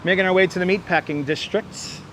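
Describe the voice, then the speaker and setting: A high-voiced man with a Brooklyn accent talks into a wireless clip-on mic while walking city streets. He chats animatedly with his livestream viewers. Traffic hums faintly behind him. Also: fairly quick. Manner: chatty, animated, often thanking viewers by name. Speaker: livestream host.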